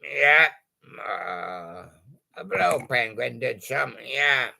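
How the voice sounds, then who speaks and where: A male host with a very gravelly, heavily creaky voice that is also strikingly bright and forceful. He takes his time, drawling through jokey puns on old song titles. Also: mid-range voice, very animated, extremely slow, a little hiss or hum. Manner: punning, jokey, chuckles at his own gags. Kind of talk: playful patter about old song titles.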